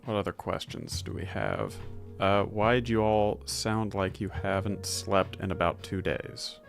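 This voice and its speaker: Low, gravelly male co-host, dry and matter-of-fact, handling viewer questions over faint music. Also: animated, a little slow. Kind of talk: casual livestream Q and A.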